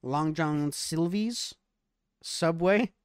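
A man's voice: a little high, very slow, clear, resonant tone, no echo, studio quality. A man hosting a podcast in casual, profane, joking banter with friends. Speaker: podcast host. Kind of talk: casual chat.

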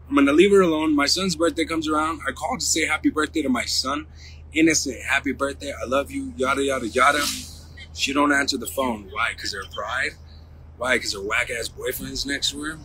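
A man delivering a profane, insulting livestream rant in fast bursts. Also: mid-range voice, steady tone, sharp tone, slightly rough.

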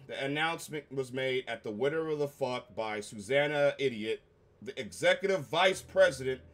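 A man's voice: fairly high pitch, fairly bright tone. A slightly ill man reviewing shows online, ranting angrily with heavy profanity and repetition. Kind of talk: angry commentary rant.

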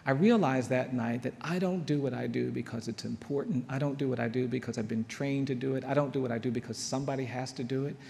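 Earnest male speaker, slow storytelling delivery, gravelly timbre, reverberant hall. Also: medium pitch, fairly even intonation, mellow. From United States. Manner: earnest, with long pauses and repeated phrases. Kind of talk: storytelling talk. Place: large hall.

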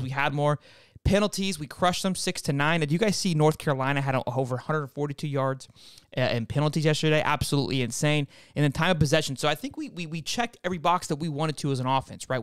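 Male fan-show host, casual football breakdown to viewers, restarts often, smooth voice, dry close recording. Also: fairly high pitch, no room sound. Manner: animated, frequent restarts, talks straight to viewers.

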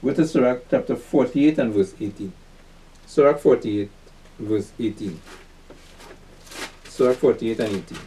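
A man's voice: medium pitch, normal speed, warm tone, recorded from a distance, a little hiss or hum, low-quality recording. A man preaching and teaching scripture, reading verses aloud and asking the listeners questions to answer. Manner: call-and-response questions, repeats "you see that"; reads verses aloud then comments emphatically.

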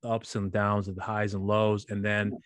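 A man's voice: on the low side, level tone, moderate pace, no room sound. A man in his thirties hosting a casual interview, telling stories in rambling runs with many restarts. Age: 30s. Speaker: podcast host.

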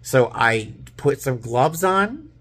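Tired, chatty man with a husky voice. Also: medium pitch, slow. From Boston. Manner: chatty, animated storytelling with many fillers. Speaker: flight attendant. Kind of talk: casual vlog chat.

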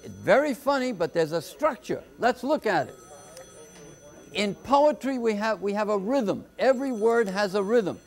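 A man tutoring on a live call-in homework show, explaining poetry slowly and patiently, step by step. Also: sits high, lively intonation, creaky. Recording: telephone-era broadcast.

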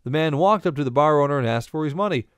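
A man's voice: on the high side, lively intonation, fast talker, clear, resonant tone, no room sound. Man reading bar tricks and jokes. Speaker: bartending instructor. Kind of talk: scripted instructional narration.

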